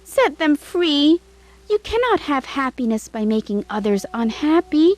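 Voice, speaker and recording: A woman voicing a tender-hearted young maid who pleads softly in a high voice. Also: big pitch swings, unhurried. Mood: pleading.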